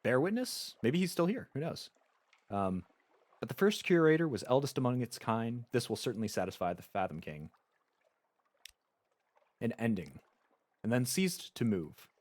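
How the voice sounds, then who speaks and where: A man's voice: mid-range voice, very animated, normal speed, pauses often, darkish tone, dry recording. A man streaming a game live, reading its story text aloud and chatting casually with frequent stammered restarts.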